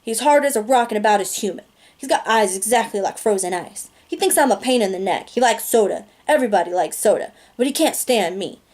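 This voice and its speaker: A woman's voice: medium pitch, lively intonation, a little fast, a little mellow, close to an everyday voice. A woman reading aloud, voicing a touchy, resentful teenage greaser boy in her own voice. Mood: bitter.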